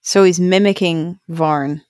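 Slow-talking woman asking questions as a player. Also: lowish voice, fairly even intonation, a little mellow, no echo, clean studio sound. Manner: unsure, asks questions, hedges with "like". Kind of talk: tabletop game chat.

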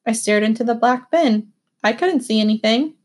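A woman giving expressive, animated first-person audiobook narration. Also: on the high side, normal speed.

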